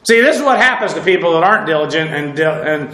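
A man's voice: fairly high pitch, expressive, fast talker, pushed and bright, reverberant, rough recording. A man preaching a sermon in a conversational way, often asking his listeners questions. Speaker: pastor.

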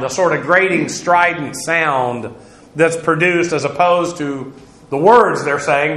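A man teaching a verse-by-verse Bible lesson on the Greek text, lecturing with many "uh" fillers as he pauses to repeat and rephrase. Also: a little high, a bit bright, roomy sound, rough recording.

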